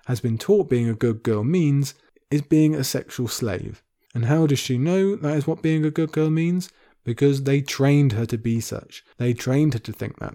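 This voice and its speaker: A man's voice: medium pitch, mellow. A man hosting a podcast and discussing a book, earnest and impassioned, close to tears. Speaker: podcast host.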